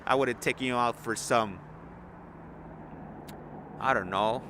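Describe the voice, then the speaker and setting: A man's voice: mid-range voice, measured pace. A man, rambling in casual, slangy live-stream chat from outdoors at an airport, on a phone. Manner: laid-back, rambling, slangy. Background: traffic and vehicle noise.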